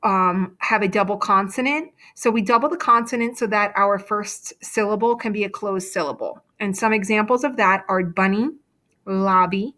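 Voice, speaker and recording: Using shared slides, a patient teacher guides young children through phonics, talking into her computer mic from her desk. Her ordinary mid-pitched voice has a bright, forceful tone, and she goes slowly through every step, frequently asking "okay?".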